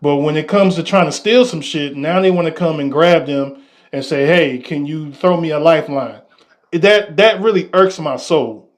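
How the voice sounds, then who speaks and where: Guy hosting a podcast, bit higher voice, steady and emphatic. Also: moderate pace. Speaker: podcast host. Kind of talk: casual podcast talk.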